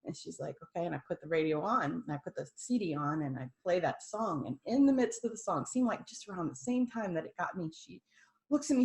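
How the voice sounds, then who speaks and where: A woman's voice: a little high, brisk. Woman telling a tearful family story. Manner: animated, laughs through tears, quotes people in dialogue. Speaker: guest sharing a personal testimony. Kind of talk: emotional personal storytelling.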